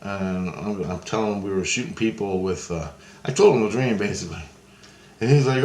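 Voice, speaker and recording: Guy with a lowish voice rambling thru a story, swears a lot, echoey room with faint background hum. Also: fairly quick, darkish tone. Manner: rambling, profane, restarts and hand-gesture talk. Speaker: storyteller recounting a dream. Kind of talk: casual spoken storytelling. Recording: roomy echo, faint ambience.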